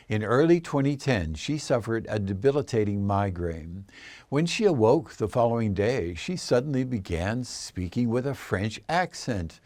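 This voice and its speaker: A man narrating a scripted explainer in a measured, assertive way. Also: mid-range voice, a little mellow, no room sound.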